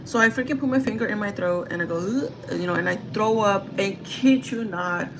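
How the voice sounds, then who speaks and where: A young adult woman livestreaming her makeup routine, telling a story in a chatty, profane, animated way. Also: medium pitch, moderate pace, noisy background. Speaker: livestreaming beauty vlogger. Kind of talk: casual storytelling while doing makeup.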